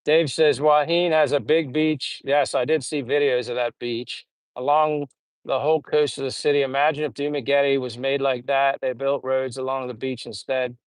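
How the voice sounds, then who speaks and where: A man's voice: medium pitch, level tone, moderate pace, smooth, dry recording, low-quality recording. A middle-aged man rambling through funny old stories while reading out live chat on a casual stream. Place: home in the Philippines.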